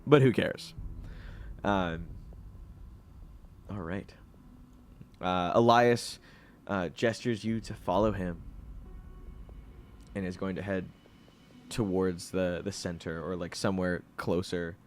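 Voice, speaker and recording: A man's voice: sits low, fairly even intonation, slow, long pauses, slight background noise. A young man narrating a tabletop game as game master, laughing often in a loose, profane way.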